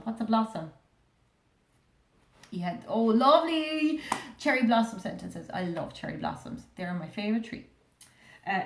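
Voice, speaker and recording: A woman with an Irish accent teaching a primary school reading lesson, sounding out words slowly and asking the class many questions. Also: on the high side, reverberant, slight background noise. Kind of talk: recorded remote reading lesson.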